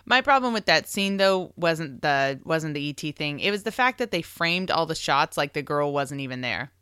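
A woman with a bright, smooth, lowish voice trades wry critiques of a movie in casual podcast chat. She acts out her own reactions with a dry sense of humor. The recording is dry and close. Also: animated, moderate pace, no echo. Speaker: podcast co-host.

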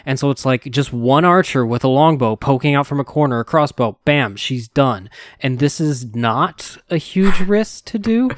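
A man in casual podcast chat who rambles and leans on fillers. His voice sits at an ordinary pitch. It is recorded dry and close with no room sound. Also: lively intonation, normal speed, dry recording. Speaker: podcast panelist.

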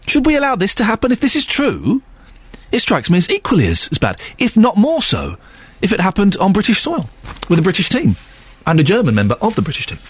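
A man presenting a chatty local radio phone-in, animated and full of stammering restarts. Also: sits high, a little fast, breathy edge.

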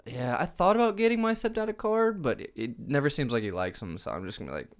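A man hosting a podcast, chatting in a relaxed, open way. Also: a little high, fast talker. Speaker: podcast host. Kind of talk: casual chat.

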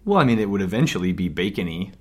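Midwestern podcast co-host, male, teasing banter, pitch all over the place. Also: fast, slightly rough. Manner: playful, teasing, animated. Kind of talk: casual podcast chat.

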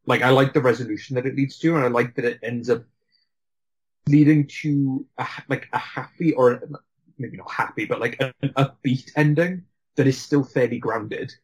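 Husky-voiced man chatting about a film. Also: mid-range voice, moderate pace, poor audio. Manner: rambling, many restarts and laughs. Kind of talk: casual film discussion.

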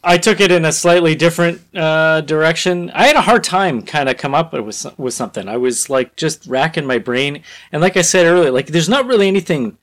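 A man co-hosting a podcast in casual chat, rambling through a story pitch with lots of fillers. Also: animated, fairly quick, few pauses, fairly bright tone. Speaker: podcast co-host.

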